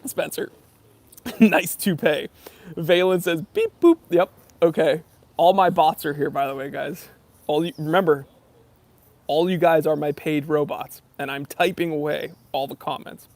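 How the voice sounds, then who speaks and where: A man hosting a casual live-stream Q&A, reading viewer comments and joking around in an animated way. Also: on the high side, measured pace, no echo. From Los Angeles area. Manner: joking, animated, self-deprecating banter. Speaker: YouTube channel host doing a live stream Q&A.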